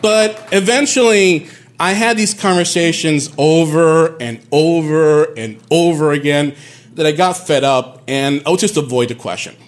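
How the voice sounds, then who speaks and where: A man from Puerto Rico telling a personal story in an animated, candid way, swearing casually. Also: a little high, unhurried, slight background noise.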